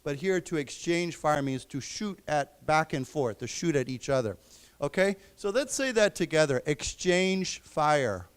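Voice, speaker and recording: A man's voice: on the high side, lively intonation, clean tone. Man teaching English words. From United States. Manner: explains words slowly, quizzes the class. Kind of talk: live English lesson. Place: library lecture room.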